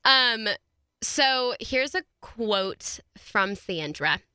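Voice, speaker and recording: A woman's voice: a little high, expressive, extremely slow, bright, forceful tone, clean tone, dry recording, clean studio sound. A woman co-hosting a casual true-crime podcast. She chats easily, laughs often and reads quotes aloud. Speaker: podcast co-host.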